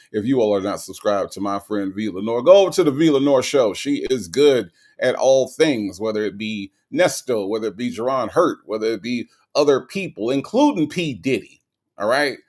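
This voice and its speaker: A man hosting a casual livestream, reading viewer comments aloud and greeting each viewer in an animated way. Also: mid-range voice. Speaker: livestream host.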